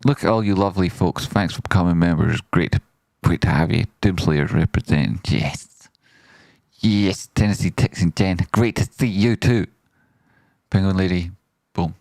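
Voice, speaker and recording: A man hosting a trading livestream, excitably giving quick, jokey shout-outs to members and talking through trades. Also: deep voice, gravelly, no room sound, clean studio sound. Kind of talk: lively livestream chat, reading out members and donations.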